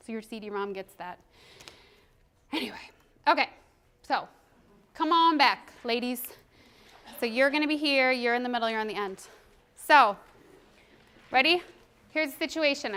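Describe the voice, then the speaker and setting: A woman in her thirties giving a workshop presentation as a trainer, animated and quick to laugh. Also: a little high, smooth. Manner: animated, laughs often, acts out quoted voices. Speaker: parenting and behavior trainer.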